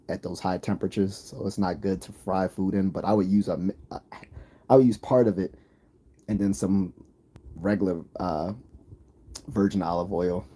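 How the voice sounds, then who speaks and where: A man with a low, husky voice and an East Coast accent talks loosely on a livestream. His tone is mellow and opinionated, and he wanders from point to point as he answers viewers' comments. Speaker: livestream host. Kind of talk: casual livestream chat.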